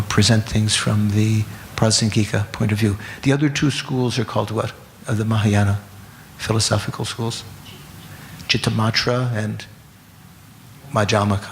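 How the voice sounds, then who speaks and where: Male dharma teacher, gravelly, halting delivery, quizzes the class, faint noise behind. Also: medium pitch. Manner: halting, restarts, asks the audience questions. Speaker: Buddhist teacher.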